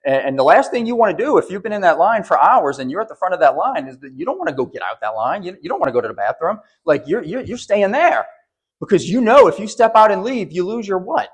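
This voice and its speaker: A pastor preaching a sermon, conversational and often restarting words, then building to emphatic peaks. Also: male voice, sits high, big pitch swings, quick pace, slightly rough.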